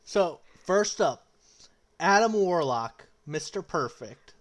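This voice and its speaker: A man's voice: fairly high pitch, expressive, takes it slowly, fairly bright tone. A young man co-hosting a casual chat, joking, with stammering restarts as he introduces each topic. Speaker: podcast co-host.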